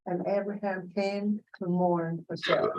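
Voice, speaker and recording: A woman reading an old text aloud in a study group, steady and careful. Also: fairly low pitch, a little slow, lo-fi sound.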